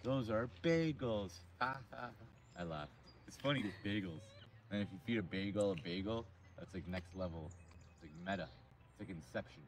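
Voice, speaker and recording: A man hosting a casual outdoor live stream by a lake, joking and rambling in an animated way. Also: low voice, fairly quick, slight background noise.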